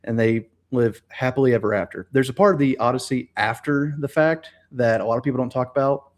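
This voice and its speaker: A man's voice: mid-range voice, brisk. A man speaking as a guest expert on a live-streamed discussion, telling things in a casual, hesitant way with many fillers.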